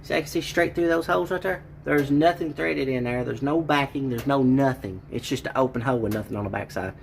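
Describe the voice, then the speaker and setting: A man's voice: medium pitch, brisk, gravelly, a little hiss or hum. A man, a car restorer, ranting in a frustrated way about bad parts in his garage workshop.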